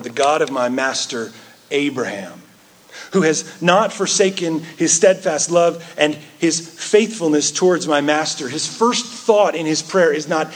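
A man preaching a sermon in an earnest way, rising into animated quoted asides. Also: fairly high pitch, unhurried. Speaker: pastor.

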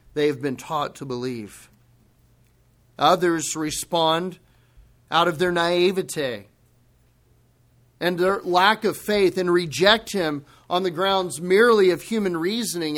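A man delivers a sermon at an unhurried, measured pace. His voice sits high for a man. He leans on words for emphasis and bursts into dramatic exclamations. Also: fairly bright tone. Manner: slow, deliberate emphasis. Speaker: pastor.

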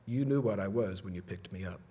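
A man voicing a sly, deceitful male rattlesnake in a told folk tale, in a low hushed voice. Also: fairly quick, husky. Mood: cold.

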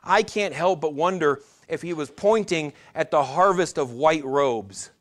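A man delivering a sermon in an earnest, direct way, speaking to his congregation as brothers and sisters. His voice sits a little higher than most men's. He often doubles back and restarts phrases as he preaches. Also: a little slow. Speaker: pastor.

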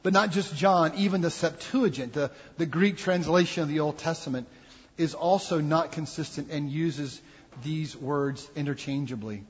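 Pastor, male, reflective sermon delivery, raised pitch; muffled recording with a long church echo. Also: moderate pace, breathy edge. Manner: earnest, reflective preaching with acted quotes. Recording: dull sound with long hall reverb.

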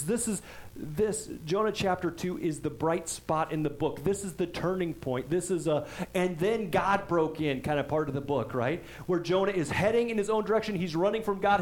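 A man's voice: on the high side, poor audio. A man preaching a sermon in a conversational way, often checking in with "right?" and reading scripture aloud with emphasis. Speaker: pastor.

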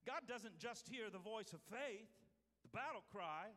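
A male pastor preaching a sermon, swinging from loud to hushed. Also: sits high, lively intonation, normal speed. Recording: hall reverb.

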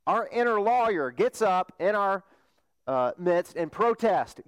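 A man's voice: sits high, lively intonation, unhurried, clear, resonant tone. A man preaching a sermon as a pastor, talking conversationally and asking his congregation rhetorical questions.

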